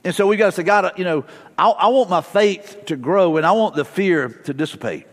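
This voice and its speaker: Middle-aged male pastor, fairly high voice, chatty sermon delivery, long hall reverb. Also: a little fast. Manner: casual, storytelling, frequent fillers and restarts. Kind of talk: conversational sermon.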